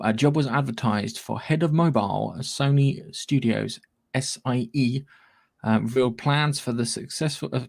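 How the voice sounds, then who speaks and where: A man's voice: mid-range voice, gravelly. A man co-hosting a casual gaming podcast, rambling and swearing freely, laughing often. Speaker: podcast co-host. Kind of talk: casual chat.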